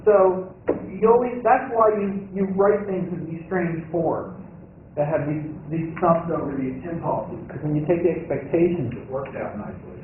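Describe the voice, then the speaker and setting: A male university lecturer giving a classroom lecture, halting and thinking aloud, often checking in with the class with "right?" and "okay?". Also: a little high, narrow, tinny audio, a little hiss or hum. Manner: halting, thinks aloud with many fillers and restarts. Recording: echoey lecture hall recording, far off and thin.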